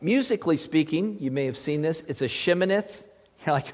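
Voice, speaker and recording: A man's voice: a little high, expressive, brisk, darkish tone, big-room sound. A male pastor preaching a sermon in a conversational way, often putting rhetorical questions to his listeners.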